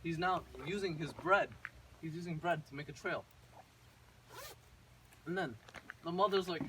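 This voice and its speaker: A man with a fairly high voice retells a fairy tale in loose, rambling speech, stumbling through restarts and fillers. He sounds some way from the mic, with a faint hiss behind him. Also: unhurried, long pauses, pushed and bright. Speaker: storyteller. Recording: distant mic with faint noise.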